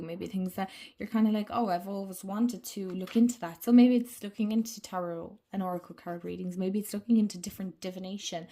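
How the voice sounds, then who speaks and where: Gentle, mellow-voiced woman reading tarot. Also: medium pitch. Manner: chatty, reassuring, frequent "okay?" and "right?" check-ins. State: slightly congested. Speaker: tarot card reader. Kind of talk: casual spoken tarot reading.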